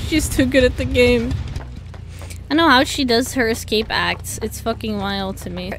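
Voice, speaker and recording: A young woman streaming a horror game, excitable and foul-mouthed, shouting and laughing between muttered remarks. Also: a little high, normal speed. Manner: excitable, swears a lot, shouts and laughs in bursts. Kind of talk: live gameplay commentary. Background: game music.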